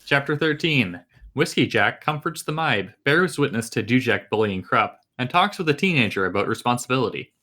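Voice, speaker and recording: A man's voice: medium pitch, lively intonation, brisk, few pauses, pushed and bright. A man co-hosting a casual book podcast, joking wryly and reading chapter summaries. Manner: wry, joking. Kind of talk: casual book-club chat.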